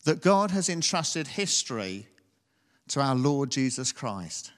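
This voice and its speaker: A man's voice: medium pitch, big pitch swings, takes it slowly, fairly bright tone, long reverb tail. A man preaching a sermon, reading scripture and then talking conversationally, often asking the congregation tag questions.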